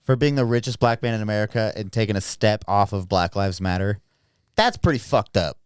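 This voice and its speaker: A man with a lowish, smooth, resonant voice chats bluntly on a podcast and swears freely. He is recorded close and dry, with almost no room sound. He often restarts his sentences as he talks. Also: fairly quick, no echo. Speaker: podcast host. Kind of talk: casual chat.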